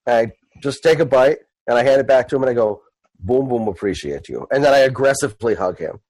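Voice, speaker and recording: A man's voice: medium pitch, fast talker, darkish tone, rough recording. A man playing a tabletop game, describing his character's moves and laughing often. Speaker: player.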